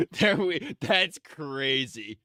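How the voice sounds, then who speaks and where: Young man, streamer, slow unhurried talk, dry close sound, crude joking, half-sung lines. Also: fairly high pitch, huge pitch swings, sharp tone, dry recording. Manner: crude, jokey, mutters to himself, then half-sings lines. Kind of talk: casual live-stream talk, drafting parody song lyrics.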